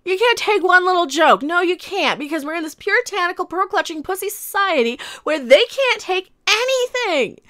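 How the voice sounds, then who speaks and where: A woman's voice: very high-pitched, lively intonation, moderate pace, hardly any pauses, pushed and bright, dry recording, studio quality. A woman in her forties ranting sarcastically about celebrities in her commentary vlog. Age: 40s. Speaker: vlogger. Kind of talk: rant commentary.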